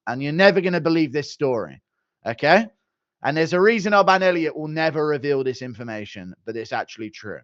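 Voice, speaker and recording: A young man reads out and replies to viewer chat on a laid-back live stream, joking animatedly and swearing a little. His voice is medium-pitched at a moderate pace, and the recording sounds dry and dull.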